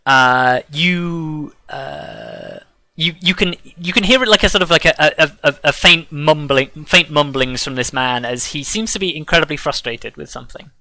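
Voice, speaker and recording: A man narrating as dungeon master, halting often with fillers. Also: on the high side, very animated, bright, forceful tone, dry recording. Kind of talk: narrating a tabletop game.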